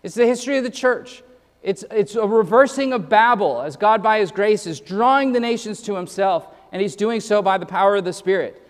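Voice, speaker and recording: A man's voice: sits high, fairly quick, long reverb tail. A man preaching a sermon as pastor, earnest and emphatic, rattling off verse references and often repeating his first words. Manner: repeats words when starting sentences.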